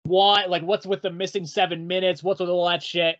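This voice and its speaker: A man's voice: high voice, little pitch movement, a little fast, fairly bright tone. A man putting on a wavering mock Australian accent while co-hosting a casual comic review chat, laughing at himself and swearing, on a muffled, crackly mic. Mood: joking. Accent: put-on Australian, slipping in and out. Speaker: podcast co-host.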